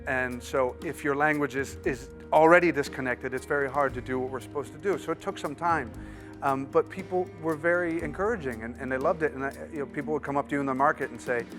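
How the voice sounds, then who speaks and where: A man, an actor, talking casually as a studio guest, relaxed and self-deprecating with stammered restarts. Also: medium pitch, quick pace, faint music behind. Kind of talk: casual interview chat.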